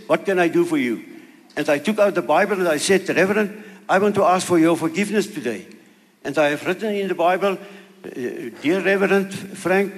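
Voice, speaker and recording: An older man with a South African accent giving an earnest, halting personal testimony as a sermon, often repeating words. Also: sits high. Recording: long reverb of a hall.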